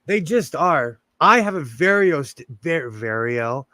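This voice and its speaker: A man with a Southern Californian accent chats loosely through a livestream. He rambles and laughs often. His voice sits a bit high, and the sound is dry and close. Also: lively intonation, measured pace, pushed and bright, dry recording. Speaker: livestream host. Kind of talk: casual livestream chat.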